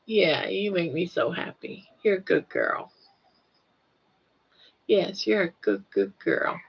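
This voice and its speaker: A woman's voice: fairly low pitch, very animated, slow, creaky, slightly rough, lo-fi sound. An older woman hosting a casual live stream, chatting with viewers and cooing at her pet in baby talk with lots of giggles.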